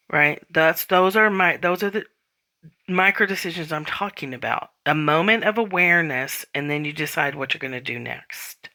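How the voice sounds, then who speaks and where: A woman's voice: low-pitched, animated, moderate pace, bright, forceful tone. A woman hosting a spiritual self-help podcast, talking casually and bluntly, swearing freely and acting out inner voices. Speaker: podcast host.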